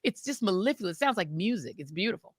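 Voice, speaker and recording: Woman, podcast co-host, casual chat, lively swooping pitch, dry close sound. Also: fast, husky, no room sound. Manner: animated, emphatic storytelling with laughs.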